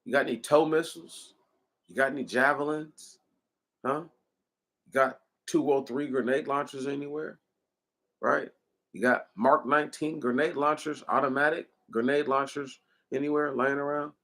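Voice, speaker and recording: A man's voice: mid-range voice, steady tone, moderate pace, fairly bright tone. A man delivering an impassioned commentary, hammering his points with repeated rhetorical questions in a preaching cadence.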